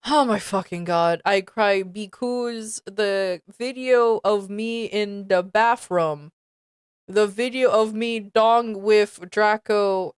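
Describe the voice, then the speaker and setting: A woman's voice: mid-range voice, clear, resonant tone, no room sound, clean studio sound. A young woman streaming, reading aloud and reacting in disbelief while often breaking into giggles. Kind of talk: casual live-stream reading commentary.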